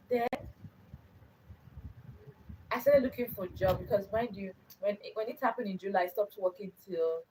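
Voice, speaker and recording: A woman's voice: medium pitch, darkish tone, recorded from a distance, a little hiss or hum, low-quality recording. Earnest young woman telling a personal story. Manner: earnest, repeats phrases for emphasis. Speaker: channel host.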